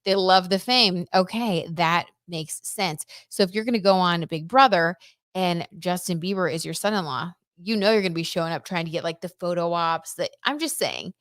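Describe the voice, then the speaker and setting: A woman's voice: fairly low pitch, normal speed, fairly bright tone, dry recording, clean studio sound. Chatty woman hosting a tarot livestream. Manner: chatty, reads viewer comments aloud, frequent "like" and "I don't know". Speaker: tarot reader and livestream host. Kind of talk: casual livestream chat.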